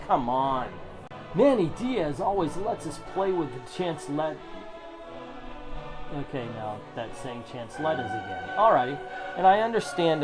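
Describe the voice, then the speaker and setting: Sarcastic ranting middle-aged man. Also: on the high side. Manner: sarcastic, swears, rants. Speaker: comic book reviewer. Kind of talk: ranting comic review commentary. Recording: music playing under the voice. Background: background music.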